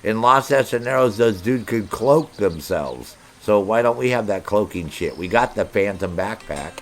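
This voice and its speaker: A man's voice: lowish voice, animated, moderate pace. A middle-aged man streaming a video game, joking and swearing as he banters with his chat. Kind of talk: live gameplay commentary.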